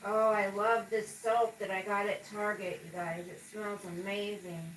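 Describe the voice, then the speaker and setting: A woman's voice: mid-range voice, little pitch movement, measured pace, slight background noise, poor audio. A woman in her forties chatting casually on a livestream, rambling and talking straight to her viewers while answering their comments. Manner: rambling and chatty, talks to viewers as "you guys". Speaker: livestreaming mom vlogger.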